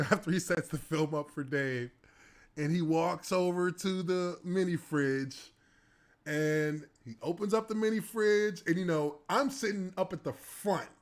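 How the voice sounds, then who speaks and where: A man's voice: on the high side, unhurried. A man in his thirties, a former pro football player, telling stories casually and animatedly, laughing and acting out scenes. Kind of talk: casual storytelling.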